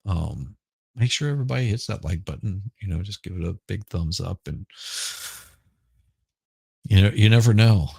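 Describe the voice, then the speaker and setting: A middle-aged man with a Southern accent, hoarse right now, chatting casually and rambling on a livestream. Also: deep voice, expressive, darkish tone, no room sound. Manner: rambling, halting, repeats words. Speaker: livestream host. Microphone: headphones with mic.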